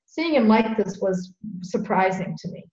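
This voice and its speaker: A middle-aged woman hosting a podcast, telling a story in an earnest, animated way and repeating phrases for emphasis. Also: mid-range voice, unhurried. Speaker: podcast host. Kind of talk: conversational storytelling. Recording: roomy, dull lo-fi sound.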